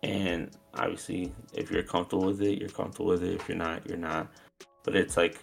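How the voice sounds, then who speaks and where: A man's voice: low-pitched, level tone, brisk, vocal fry, faint music behind. A man co-hosting a live podcast who talks in a rambling, hedging way, full of fillers. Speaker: podcast co-host. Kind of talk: casual chat. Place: live show venue.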